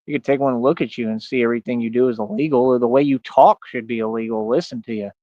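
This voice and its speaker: Guy ranting on stream, brags and mocks, middle pitch, kinda dull dry mic. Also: steady tone, fast, no room sound. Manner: boastful, mocking, taunting with repeated "right?". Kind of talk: ranting monologue.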